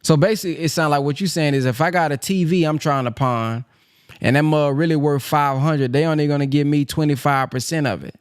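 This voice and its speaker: A man hosting a phone-in study call, animated and exclaiming often. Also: on the high side, brisk, clean tone. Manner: animated, exclaims often, slips into skits of a pawnbroker. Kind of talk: casual call-in discussion.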